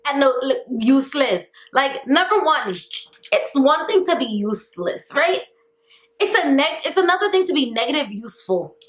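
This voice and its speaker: Animated young woman vlogger, echoey room. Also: sits high, normal speed. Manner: animated, exasperated storytelling with slang. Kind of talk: storytime vlog.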